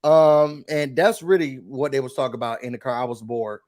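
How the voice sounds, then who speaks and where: A man hosting a casual reality TV recap, chatting in an animated, gossipy way and mimicking cast members. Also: medium pitch, moderate pace. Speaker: recap show host.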